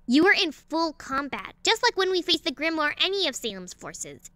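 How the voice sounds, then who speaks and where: Bright, high young warrior woman, as a woman plays her, firm, matter-of-fact, fan audio drama, dry sound. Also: very animated, normal speed, dry recording, exaggerated voice.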